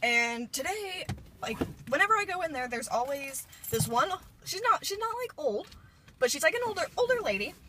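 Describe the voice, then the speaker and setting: A woman's voice: high voice, sing-song, moderate pace, noisy background. A woman in her late teens from Indiana, chatting in a rambling, bubbly way with a phone held at arm's length inside a parked car. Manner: rambling, bubbly, lots of filler words. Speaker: vlogger. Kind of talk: casual chatty vlog.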